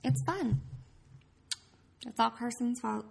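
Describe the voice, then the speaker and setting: A woman co-hosting a casual chat podcast, her voice husky and creaky. She answers in short, dry bits. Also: a little high, slow pace, a little mellow. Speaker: podcast co-host.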